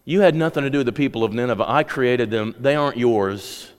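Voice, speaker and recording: A preacher voicing God as a calm, stern male figure who firmly rebukes an angry prophet. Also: mid-range voice, smooth, close to an everyday voice. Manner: measured, reproachful. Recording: long hall reverb.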